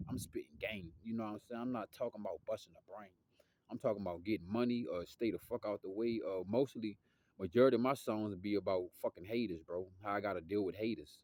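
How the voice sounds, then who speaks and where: A man's voice: darkish tone, dry recording. A young man, talking in a loose, slangy, rambling monologue that drifts off topic. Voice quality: deep voice. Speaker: musician vlogger.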